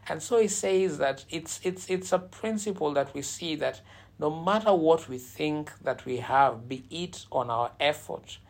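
Gravelly-voiced male preacher teaching scripture. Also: on the high side, a little slow. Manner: teaching with many fillers and restarts, retelling scripture. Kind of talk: sermon.

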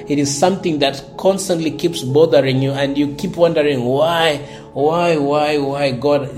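A man's voice: a little high, darkish tone. A man preaching a sermon in an earnest way, often repeating words as he searches for the phrasing, with faint music behind him. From South Sudan. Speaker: pastor.

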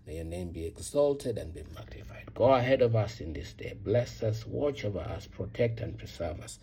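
A man's voice: on the low side, expressive, normal speed, mellow, a little hiss or hum. A man giving an earnest devotional reflection and then leading a repetitive prayer, sometimes dropping to a whisper. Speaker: prayer leader.

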